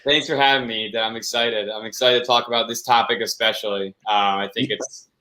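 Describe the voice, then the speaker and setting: A man's voice: fairly low pitch, fairly even intonation, a little fast, pushed and bright, rough recording. A man in his twenties, a guest on a live stream, talking in a modest, earnest way. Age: 20s. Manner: modest, earnest, laughs easily. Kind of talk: casual chat.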